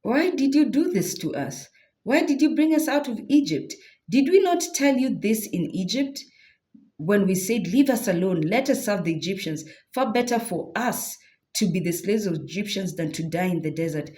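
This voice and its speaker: A woman's voice: mid-range voice, expressive, moderate pace, mellow, voice pushed up, close to an everyday voice. A woman voicing a frightened group of people complaining to their leader in an accusing tone. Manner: whining, accusing. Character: frightened, complaining crowd of wanderers.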